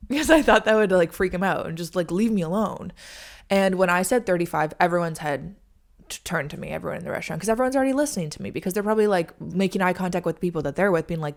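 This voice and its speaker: A woman's voice: fairly low pitch, a little fast, pauses often. Chatty young woman telling a story. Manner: chatty, heavy use of "like", drops to hushed asides. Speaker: podcast host. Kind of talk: casual storytelling monologue.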